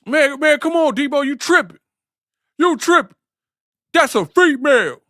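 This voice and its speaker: A man putting on a streetwise guy who is exasperated and disbelieving, pitched well above the speaker's own voice. He throws out high, whining exclamations and repeats his questions in a bright, pushed tone over a dry sound. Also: expressive, a little slow, dry recording, exaggerated voice.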